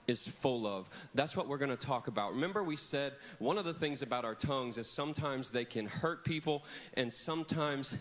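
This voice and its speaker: Animated man preaching to children. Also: a little high. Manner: animated, leads call-and-response with kids. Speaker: camp preacher. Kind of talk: children's sermon. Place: large church hall with children. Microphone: handheld microphone.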